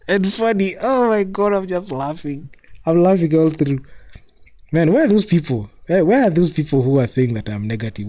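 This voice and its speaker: A man with a fairly high voice gives live commentary on a basketball game over a stream. He mocks the losing side in a casual, scornful way, keeps laughing and says things over and over. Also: warm tone. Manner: mocking, laughs often, repeats himself.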